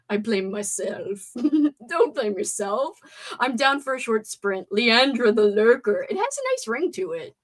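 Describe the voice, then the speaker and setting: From a room at home, a young woman hosts a casual livestream, chatting playfully and reading her viewers' messages aloud. Her voice is a little high, sing-song and a little slow.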